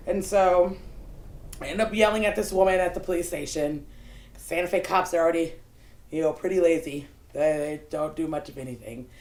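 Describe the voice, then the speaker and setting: Woman, lower-pitched, unscripted personal storytelling, casual talk with fillers and swearing, roomy echo. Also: moderate pace. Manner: casual, animated, peppered with "like" and profanity.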